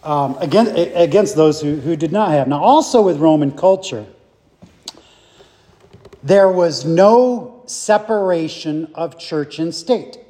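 A man teaching a Bible study class in a slow, halting way, with many fillers and restarts. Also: a little high, lively intonation, mellow, big-room sound.

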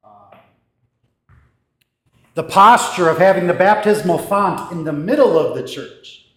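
Male pastor, somewhat high voice, relaxed thoughtful teaching talk, recorded in a reverberant church with shifting mic distance. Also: slow. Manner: conversational, thoughtful, with restarts and gestures. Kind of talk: casual teaching talk to a congregation. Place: church sanctuary. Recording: echoey church room.

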